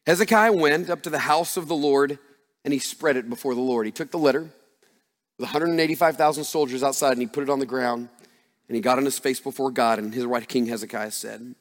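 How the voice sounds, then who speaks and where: A male pastor preaching a sermon in an emphatic style that builds to loud passages. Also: medium pitch, brisk. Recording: long reverb of a large hall.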